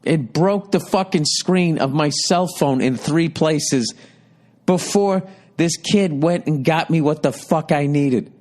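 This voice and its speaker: A man in his fifties hosts a podcast, his slightly high, darkish voice picked up by a studio mic. He tells a rambling comic story in a rapid, exasperated rant, swearing constantly.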